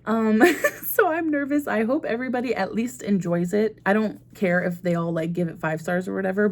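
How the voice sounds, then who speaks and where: Chatty American woman book vlogger, lowish voice. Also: darkish tone. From United States. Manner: chatty, rambling, laughs often at herself. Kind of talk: casual chat.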